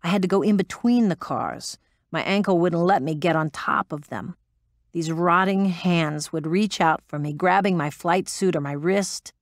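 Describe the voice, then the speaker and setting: A woman's voice: lowish voice, normal speed, no echo, clean studio sound, natural voice. An actress playing a blunt, profane former woman pilot recounting her story in an interview. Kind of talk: audiobook drama performance.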